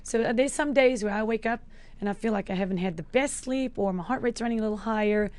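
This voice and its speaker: A woman's voice: a little high, quick pace. A South African woman in her forties, a podcast guest chatting casually, laughing often and acting out her own remarks. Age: 40s. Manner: lively, laughs often, acts out her own quoted lines. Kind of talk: casual chat.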